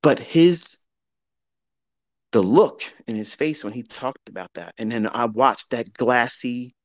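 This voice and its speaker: A man's voice: medium pitch, expressive, slow pace, dry recording. A middle-aged man giving a candid motivational talk as a trading mentor, blunt and profane, mixing heavy emphasis with confessional reflection.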